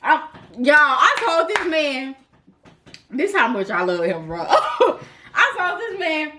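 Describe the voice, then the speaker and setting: A woman's voice: high-pitched, takes it slowly, slight background noise. A woman in her twenties telling a storytime vlog story in a casual, laughing, dramatic way. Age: 20s. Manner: animated, laughing, self-described dramatic. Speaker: vlogger.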